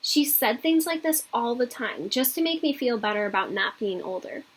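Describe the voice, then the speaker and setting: A woman teacher reads a children's chapter book aloud, telling the story expressively and stopping to talk through what the main character wants. Her voice is husky and breathy, pitched somewhat high. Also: lively intonation, moderate pace.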